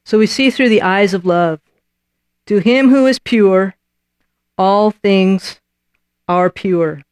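A woman preaching a sermon, lively and emphatic, acting out the voices she quotes and repeating lines for emphasis. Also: mid-range voice, slow pace, clean tone, dry recording, clean studio sound.

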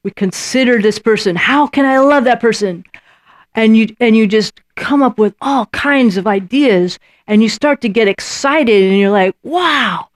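A woman preaching a sermon, lively and emphatic, acting out the voices she quotes and repeating lines for emphasis. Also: a little high, normal speed, dry recording, studio quality.

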